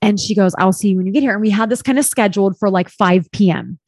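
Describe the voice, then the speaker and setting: A woman telling a personal story in casual chat as a podcast guest, candid and expressive, swearing freely and filling her speech with "like". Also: medium pitch, quick pace, breathy edge, dry recording, clean studio sound.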